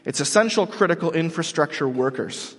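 Man, pastor preaching, husky voice, echoey hall, emphatic, restarts sentences. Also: a little high, expressive, fairly quick, a bit bright. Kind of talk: sermon.

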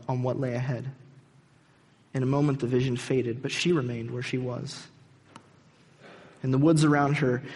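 A man's voice: mid-range voice, a little mellow, husky. Earnest man preaching in a reverberant hall. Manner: storytelling, earnest and dramatic. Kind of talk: sermon.

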